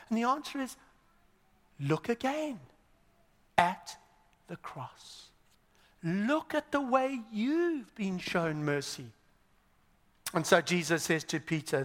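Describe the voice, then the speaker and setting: Animated high-voiced male preacher. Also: takes it slowly, long pauses, big-room sound. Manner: animated, swinging between loud and hushed. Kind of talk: sermon.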